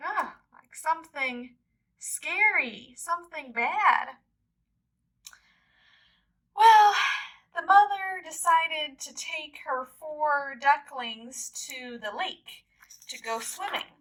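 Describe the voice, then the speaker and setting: A woman teacher retelling a story for English learners, repeating key words and explaining them deliberately. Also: high voice, a bit bright, low-quality recording.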